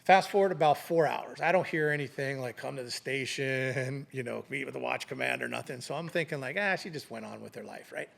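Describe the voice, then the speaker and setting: Gravelly middle-aged man telling a story. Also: medium pitch, a little fast, few pauses. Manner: animated anecdote telling, acting out quoted voices. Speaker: retired police sergeant, guest. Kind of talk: casual storytelling in an interview.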